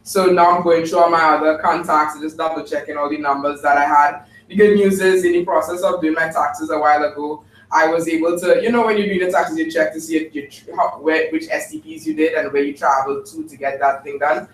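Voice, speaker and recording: Reporting to his group, a man stays upbeat and chatty, with many fillers, talking a little fast with few pauses. His steady, slightly high voice comes through a distant, echoey room mic with light ambience.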